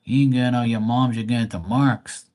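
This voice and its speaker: A man's voice: medium pitch, fairly even intonation, normal speed, darkish tone. A man hosting a live stream and chatting casually to his viewers, crude and boastful, rambling with lots of fillers. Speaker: live-stream host talking to chat.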